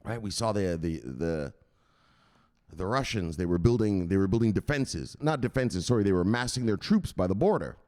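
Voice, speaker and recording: Animated, joking man hosting a livestream. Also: low-pitched, normal speed. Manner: animated, profane, joking, greets chat by name. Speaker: crypto news livestream host. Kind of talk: casual livestream chat.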